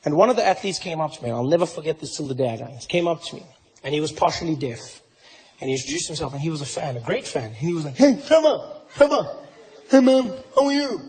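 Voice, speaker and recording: A South African man doing live stand-up on stage into a handheld mic, with an animated, self-mocking delivery. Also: on the high side, racing, husky, big-room sound, poor audio. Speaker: stand-up comedian.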